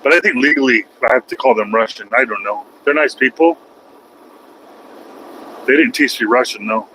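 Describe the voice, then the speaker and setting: Man, truck driver, casual driving vlog, folksy and self-mocking, bright tone, faint road noise. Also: mid-range voice, normal speed, rough recording. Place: truck cab on highway.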